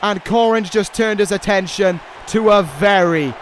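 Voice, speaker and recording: A man giving excitable play-by-play commentary on a wrestling video game, pleading and shouting at the action. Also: sits high, a little slow, poor audio. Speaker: YouTube gaming commentator. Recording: loud game crowd and noise behind voice. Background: video game crowd noise.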